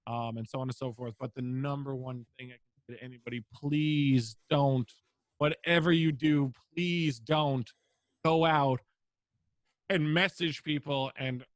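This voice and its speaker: A man's voice: mid-range voice, steady tone, moderate pace, no echo. A young man, a streamer guest on a podcast interview, talking casually with lots of fillers and free swearing. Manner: rambling, filler-heavy, swears freely.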